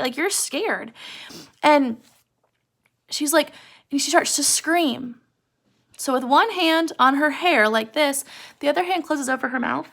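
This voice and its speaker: Gravelly woman retelling a chapter to a class. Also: high-pitched, a bit bright. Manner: casual, chatty retelling that acts out lines of dialogue. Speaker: teacher. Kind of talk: retelling a novel chapter to students.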